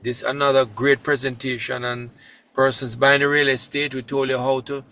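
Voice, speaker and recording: A man's voice: medium pitch, flat delivery, normal speed, sharp tone. A man co-hosting an online community call, enthusiastic and full of praise for the guest. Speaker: co-host.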